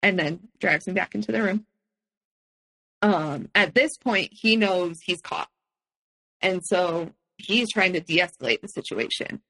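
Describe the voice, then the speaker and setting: A woman on a podcast recounting a personal experience candidly, in a steady conversational way with frequent "um" fillers. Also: fairly low pitch, unhurried, rough recording. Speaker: podcast guest.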